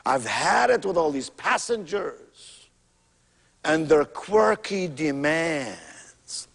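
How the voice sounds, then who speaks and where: A woman's voice: deep voice, sing-song, very slow, breathy edge, full character voice. A man voicing a female flight attendant in a spoken anecdote, giving her a sassy, unflustered manner. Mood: weary mock-complaint. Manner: sassy, amused storytelling tone.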